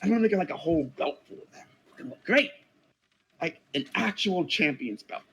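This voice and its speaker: A man's voice: on the high side, animated, a little fast, fairly bright tone, breathy edge, exaggerated voice, rough recording. A man voicing a brash, boastful female fighter champion who taunts and brushes people off. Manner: cocky, taunting, dismissive.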